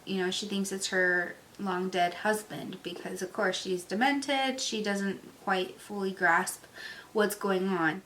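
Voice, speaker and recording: A woman talking casually about a book she read, telling it in an emotional, animated way with lots of fillers. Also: fairly low pitch, a little hiss or hum, low-quality recording. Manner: emotional, animated storytelling with many "like" and "you know". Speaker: book reviewer. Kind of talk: casual book review talk.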